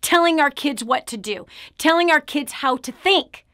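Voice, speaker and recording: A woman's voice: high voice, lively intonation, moderate pace, a bit bright. A middle-aged woman giving an earnest motivational talk on parenting, speaking straight to the viewer and calling them friend. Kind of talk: direct-to-camera motivational talk.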